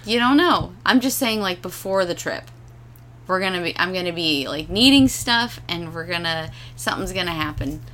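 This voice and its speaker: A woman co-hosting a casual chat, laughing often and trailing off softly at the ends of lines. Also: lowish voice, expressive, moderate pace. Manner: laughs often, drops soft and quiet at line ends. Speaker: podcast co-host.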